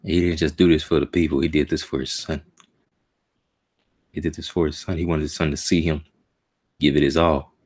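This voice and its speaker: A man's voice: extremely low pitch, little pitch movement, a little fast, long pauses, darkish tone. A man streaming a live reaction to a comic chapter. He talks casually and emotionally in slang, muttering to himself as he reads.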